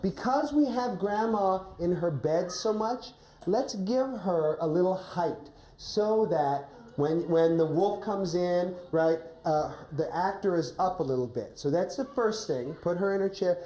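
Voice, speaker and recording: A woman's voice: fairly low pitch, lively intonation, unhurried, mellow. A woman coaching a teacher through a classroom drama lesson, giving directions and often checking with "right?". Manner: encouraging, directive, frequent "right?". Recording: roomy classroom recording with faint noise.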